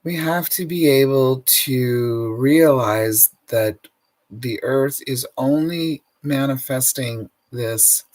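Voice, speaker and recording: A middle-aged man, an energy healer, giving a slow, earnest and emotive spiritual self-help talk. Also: medium pitch, darkish tone, poor audio.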